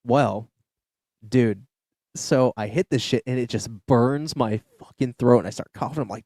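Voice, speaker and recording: A man's voice: medium pitch, normal speed, warm tone, no echo, studio quality. A young man hosting a podcast, telling a loose story full of swearing and fillers. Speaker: podcast host. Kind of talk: casual storytelling chat. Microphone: studio podcast mic.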